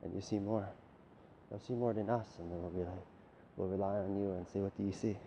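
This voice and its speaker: A man's voice: low-pitched, little pitch movement, fairly quick, mellow, slight background noise. A man delivering a rambling, profane, lecturing monologue straight at the listener. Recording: dull lo-fi recording with faint ambience.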